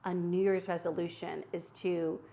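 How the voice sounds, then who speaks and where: A woman's voice: on the low side, level tone, normal speed, vocal fry, dark tone. Chatty woman hosting a cooking stream. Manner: chatty, friendly, answers viewer chat while cooking. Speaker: cooking livestream host. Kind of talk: casual live cooking demo. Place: home kitchen.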